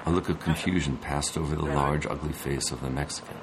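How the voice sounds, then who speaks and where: Very deep-voiced man narrating a story. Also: steady tone. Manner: dramatic, deliberate storytelling. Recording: noisy, with vehicle ambience.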